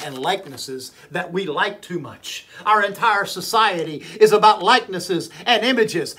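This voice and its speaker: A man preaching a fiery sermon as an evangelist, often shouting and repeating his phrases. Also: extremely high pitch.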